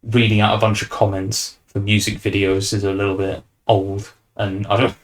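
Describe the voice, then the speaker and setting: A man's voice: on the low side, little pitch movement, normal speed. A young man hosting a podcast, chatting casually and rambling with fillers and restarts. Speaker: podcast host. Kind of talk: casual chat.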